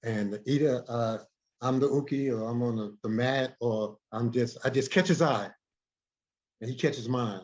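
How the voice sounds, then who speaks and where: A man, a guest in an interview, telling a story in an animated way, often repeating and restarting words. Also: mid-range voice, measured pace. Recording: dull lo-fi recording.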